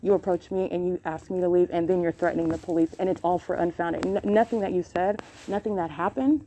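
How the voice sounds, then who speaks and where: Brief: woman, lowish dark voice, insistent and accusing, phone recording with faint background noise. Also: brisk. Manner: accusing, insistent, repeats herself. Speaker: podcast host recording her own encounters. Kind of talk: live self-recorded commentary. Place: public library.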